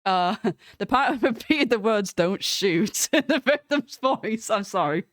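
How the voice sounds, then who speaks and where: A woman's voice: on the high side, animated, a little slow, dry recording, clean studio sound. A woman streaming a game live, chatting with viewers and laughing often.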